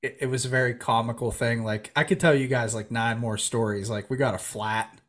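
A man's voice: medium pitch, brisk. A man telling a long fishing story in casual chat, acting out the people in it. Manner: animated storyteller, acts out quoted voices. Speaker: podcast guest telling a story.

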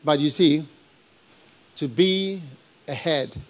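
A middle-aged man preaching a live sermon, animated and laughing, firing rhetorical questions at his congregation. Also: a little high, slow. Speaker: pastor.

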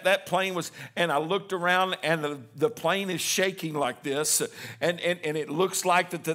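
A middle-aged male pastor preaching a sermon, reading scripture slowly and building to fervent, rising waves. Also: a little high, a bit bright. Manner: reads scripture slowly with emphasis.

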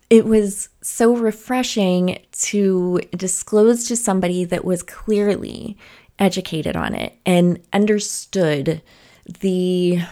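This podcast host is a woman with a mid-range, dark-toned voice. Chatty and candid, she shares a personal story on her own, breaking into laughter from time to time.

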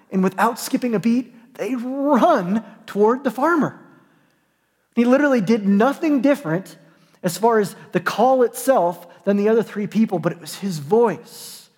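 A man's voice: high voice, a little mellow, big-room sound. A man preaching a sermon as a pastor, earnest and emphatic, repeating and restarting his phrases.

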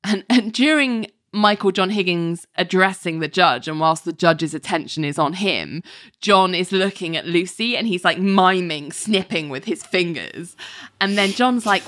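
A woman recapping a TV episode in casual chat, acting out the characters' lines and breaking into high laughter. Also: a little slow, no echo, clean studio sound. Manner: animated, breaks into high-pitched laughter, acts out quoted lines. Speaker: podcast host recapping a TV episode.

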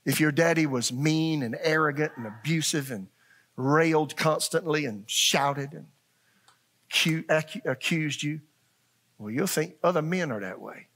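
An older male pastor delivers a sermon in a church, speaking in a folksy, earnest way and often asking his listeners whether they follow him. His voice sits a little high for a man. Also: a little slow, a bit bright. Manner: folksy, earnest preaching with repetitions and asides to the congregation. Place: church sanctuary.

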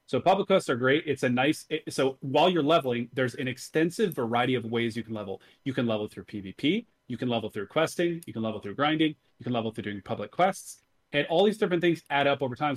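A man's voice: medium pitch, animated, quick pace. Man explaining games in a podcast. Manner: explains at length, methodical and enthusiastic. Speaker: podcast co-host. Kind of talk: casual podcast chat about games.

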